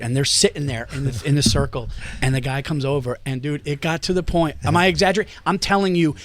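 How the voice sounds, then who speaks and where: A man co-hosting a podcast in casual chat, excitedly recounting stories and often saying "dude". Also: fairly high pitch, fast, no room sound. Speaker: podcast co-host.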